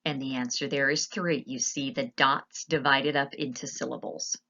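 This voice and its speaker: A woman teacher narrating a slide lesson, explaining patiently and spelling words out slowly. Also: rumbling low, steady tone, bright, forceful tone, muffled recording.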